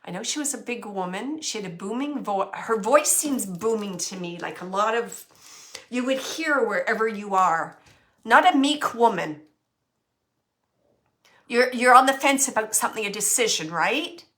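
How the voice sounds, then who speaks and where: A woman working as a medium, giving a spirit reading to an audience, speaking softly, musing aloud and often dropping to a whisper. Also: fairly high pitch, animated, normal speed. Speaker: psychic medium.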